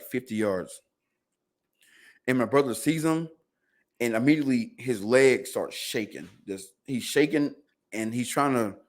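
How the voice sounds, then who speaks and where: Guy on a podcast telling a story, super animated, does everybody's lines, slangy. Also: medium pitch. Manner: animated, acts out quotes of family; loose casual speech with slang. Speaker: podcast guest. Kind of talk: casual storytelling.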